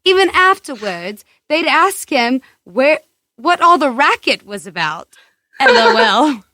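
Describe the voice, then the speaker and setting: A woman's voice: high-pitched, big pitch swings, unhurried, sharp tone, dry recording. A young Southern American woman on a casual podcast, giggling as she reads a listener's email aloud. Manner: giggly, laughs through her reading. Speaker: podcast guest.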